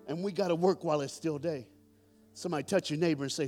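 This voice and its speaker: A male preacher with a high voice delivers a sermon in church. He calls on the congregation to answer back and builds toward loud climaxes. A faint musical bed runs underneath. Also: rapid-fire, soft background music. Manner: call-and-response preaching, swelling to loud climaxes. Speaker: pastor.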